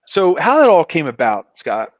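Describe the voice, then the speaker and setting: A man's voice: fairly high pitch, moderate pace, no room sound. A man, a former pro football player, telling stories as a guest on a casual fan show, acting out the voices of the people in them. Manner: animated, acts out voices in his stories. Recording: dry, dull lo-fi sound.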